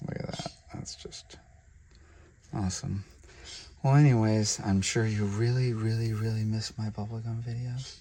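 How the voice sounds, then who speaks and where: A man who breeds reptiles, hosting a casual vlog while handling snakes, chatty and sometimes dropping to soft murmurs toward the animals, recorded on a handheld camera mic indoors. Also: on the low side, steady tone, moderate pace, slight background noise. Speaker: reptile breeder and channel host.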